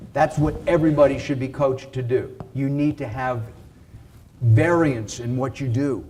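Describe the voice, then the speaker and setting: A man giving a casual live sales pitch for his coaching to an audience, talking in an animated way with fillers and restarts. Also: normal speed, a little hiss or hum. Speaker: video and speaking coach.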